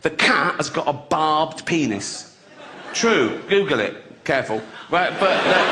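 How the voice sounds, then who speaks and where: A man in his sixties doing a crude, conversational stand-up routine, often chuckling at his own jokes. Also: fairly high pitch. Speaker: stand-up comedian. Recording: loud audience laughter behind. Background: audience laughter.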